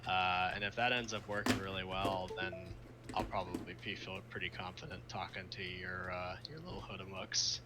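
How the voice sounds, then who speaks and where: A man's voice: sits low, little pitch movement, moderate pace. A young man streaming live, chatting casually about circuits, laughing often and trailing off mid-sentence. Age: young adult. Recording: faint background noise.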